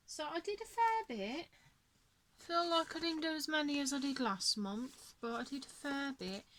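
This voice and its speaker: A woman's voice: fairly high pitch, a bit bright, a little hiss or hum. A tired woman chatting casually about her coloring pages, yawning and apologetic. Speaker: coloring channel host. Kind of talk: casual show-and-tell chat.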